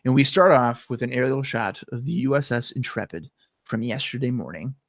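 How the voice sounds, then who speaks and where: Recorded with no room sound, a man with a medium-pitched voice speaks briskly as a podcast co-host. Loosely chatting through a wrestling recap, he lets his sentences trail off, his throat catching now and then.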